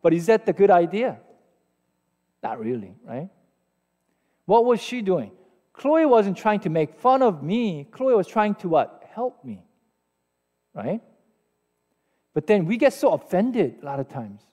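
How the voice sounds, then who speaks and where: A man's voice: fairly high pitch, expressive, slow, long pauses, dark tone. A man in his forties, a pastor with a Korean accent, preaching a sermon in a conversational, self-deprecating way and asking his listeners questions. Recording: long hall reverb.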